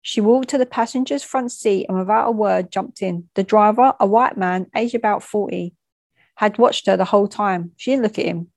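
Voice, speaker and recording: A woman tells a first-hand story in a frank, plain voice. She adds conversational asides and stumbles now and then. Her pitch sits in the middle, and the sound is dry and close. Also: normal speed, gravelly, a little mellow, no room sound.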